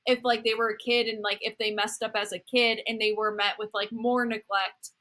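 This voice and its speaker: A woman's voice: on the high side, level tone, sharp tone. A woman guest in a casual podcast chat, talking things through thoughtfully with lots of "like" fillers. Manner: thoughtful, many "like" fillers, quick agreement. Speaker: podcast guest, dating content creator.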